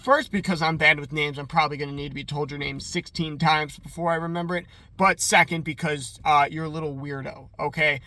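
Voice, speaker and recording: A man's voice: fairly high pitch, fairly even intonation, fairly quick, hardly any pauses, bright, forceful tone. A man chatting casually as he recaps a TV episode, rambling and filling his talk with "like". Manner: rambling and chatty, heavy use of "like". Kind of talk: casual commentary.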